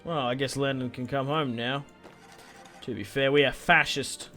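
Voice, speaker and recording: A man's voice: medium pitch, steady tone, moderate pace, pushed and bright, faint music behind. A young adult man giving casual, joking gameplay commentary, rambling and swearing as he plays. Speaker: gaming video host.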